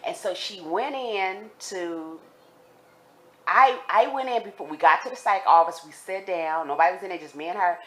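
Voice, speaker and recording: A woman telling viewers a personal story in a casual, animated way, speaking straight to them and repeating herself for emphasis. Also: fairly low pitch, normal speed.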